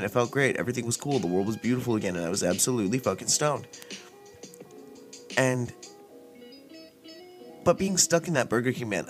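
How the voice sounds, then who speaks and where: Brief: relaxed male podcast host, rambling and profane, mid-pitched voice, faint music in the background. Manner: laid-back, rambling, profane. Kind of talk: casual storytelling podcast.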